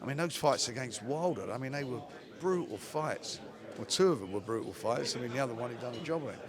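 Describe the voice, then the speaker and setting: A man's voice: medium pitch, lively intonation, fast talker. An older man, a boxing promoter giving a plainspoken post-fight interview and repeating phrases for emphasis. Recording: crowd chatter behind the voice.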